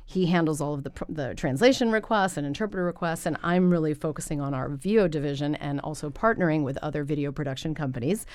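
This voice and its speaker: An enthusiastic woman who runs a voice-over and translation business speaks as a podcast guest. She is animated and picks up speed when she gets excited. Her voice is low for a woman, and it is recorded dry and close. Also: quick pace, hardly any pauses, dry recording. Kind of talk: casual conversational interview.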